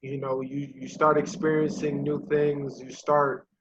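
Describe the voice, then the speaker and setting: A man with a fairly high voice chats casually as a podcast co-host. He sounds easygoing and joking, and he uses loose fillers and slang. The recording sounds a little muffled. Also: little pitch movement, unhurried, noisy background. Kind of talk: casual chat.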